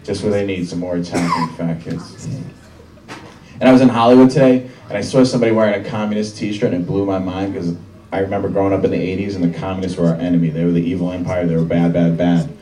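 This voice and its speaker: A young man doing a stand-up routine in a comedy club, with deadpan, dry one-liners. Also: low voice, fast talker. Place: comedy club with live audience. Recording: roomy club sound from a distant mic, crowd laughter.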